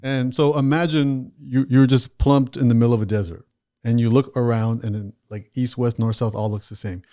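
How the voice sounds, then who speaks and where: A man with a mellow, warm tone who appears as a podcast guest and author. He speaks reflectively at a middle pitch and builds his points with stories and analogies. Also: steady tone, moderate pace. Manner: reflective storyteller who uses examples and analogies. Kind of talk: podcast conversation.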